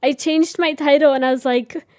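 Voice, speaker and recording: A woman's voice: high-pitched, steady tone, normal speed, a little mellow, no echo, studio quality. A woman in her thirties hosting a livestream from home, chatting casually and giggling as she answers her viewers. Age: 30s. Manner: chatty, giggly, reads chat aloud. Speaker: livestream host. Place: home room with reading chair.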